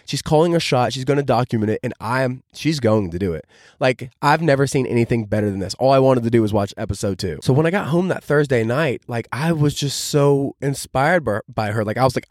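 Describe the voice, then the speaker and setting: A young man hosts his own podcast and tells a long story in an eager, casual rush, with "like" dropped into almost every phrase. His voice sits at an ordinary middle pitch. The sound is dry and close, with no room echo. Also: a little mellow. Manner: enthusiastic, heavy use of "like" fillers. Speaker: podcast host.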